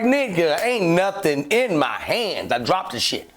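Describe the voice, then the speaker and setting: Animated storytelling man, wildly lively pitch. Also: moderate pace, hardly any pauses. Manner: acts out shouting cops and himself, swears a lot, lively. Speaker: podcast co-host telling a story. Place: podcast studio.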